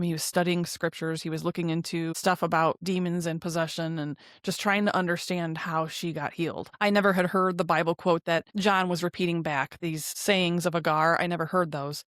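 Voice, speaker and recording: A woman's voice: on the low side, dry recording, clean studio sound. A woman hosting a podcast, chatty and casual, retelling scenes with lots of fillers. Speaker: podcast host. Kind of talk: casual episode recap.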